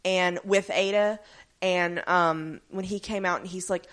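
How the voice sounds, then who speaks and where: A podcast co-host with a lowish voice recaps a story in casual chat at normal speed. She's animated, acting out characters' lines mid-story, swearing freely and using many fillers.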